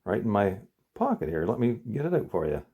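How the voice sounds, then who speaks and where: A man's voice: fairly low pitch, big pitch swings, fairly quick, mellow, husky, heavily acted. A man voicing an eager male frog who asks a bank for a loan, fumbling with fillers. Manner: earnest, repeats himself, fumbling fillers.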